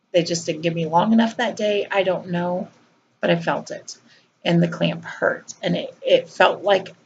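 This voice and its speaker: A woman's voice: fairly low pitch, gravelly, highs cut off, a little hiss or hum. A woman vlogger, earnestly telling a personal story in a conversational way with fillers and repeats.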